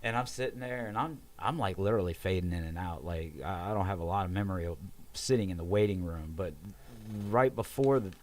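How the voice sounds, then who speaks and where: Young man, low-pitched, casual storyteller who acts out every voice. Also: a little fast. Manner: animated, acts out quoted voices, swears. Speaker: podcast guest telling a story.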